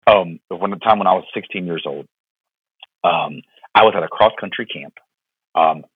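A Florida pastor in his thirties tells a personal story during a podcast interview, sounding earnest and heartfelt. His voice is low and a bit breathy, moving at a moderate pace with lots of fillers and repeated words. The recording is dry, with no echo, and has the tinny quality of a phone line.

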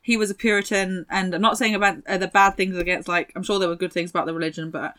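A woman's voice: lowish voice, steady tone, fast talker, sharp tone. Young woman, podcast co-host, casual rambling history chat, swears and laughs. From England.

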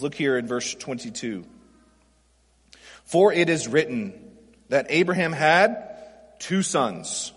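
Male pastor, high husky voice, chatty sermon delivery, long hall reverb. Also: expressive, unhurried, pauses often. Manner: conversational preaching with acted quotes and rhetorical questions.

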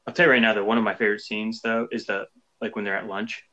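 Bright-voiced man chatting about a movie. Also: fairly low pitch, level tone, fast, highs cut off. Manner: laughs often, quotes movie lines eagerly. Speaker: podcast co-host. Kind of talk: casual movie chat.

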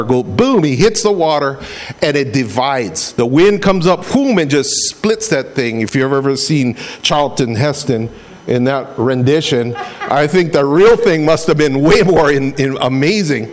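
A man's voice: mid-range voice, expressive, unhurried. A middle-aged man from Hawaii preaching a casual, conversational sermon, retelling a story with sound effects and repeated words. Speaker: pastor.

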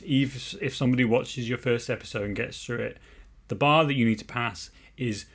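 A man's voice: medium pitch, a bit bright. A man hosting a podcast, leading a loose casual discussion with many restarts. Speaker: podcast host. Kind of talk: casual chat.

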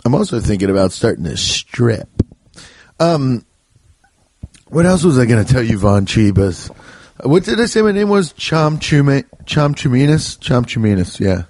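Profane rambling podcast man, lively pitch. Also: a little slow, long pauses. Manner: profane, joking, storytelling with quoted voices. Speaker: podcast host. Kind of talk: casual rambling monologue.

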